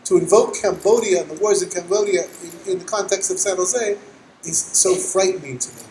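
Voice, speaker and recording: A man's voice: sits high, brisk, darkish tone. A man, a county school board trustee, giving a fervent, rallying speech at a public meeting. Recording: echoey hall with faint noise.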